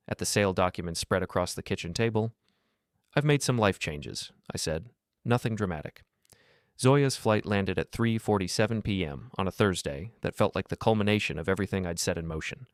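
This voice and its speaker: A man giving calm, cold, measured first-person scripted narration. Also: low voice, clear, resonant tone, no room sound, studio quality.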